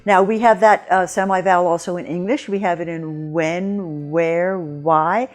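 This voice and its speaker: Female pronunciation teacher, low-set voice, slow careful modeling, faint music bed. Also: fairly even intonation. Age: older. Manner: clear, deliberate, models sounds slowly. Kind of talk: scripted video lesson.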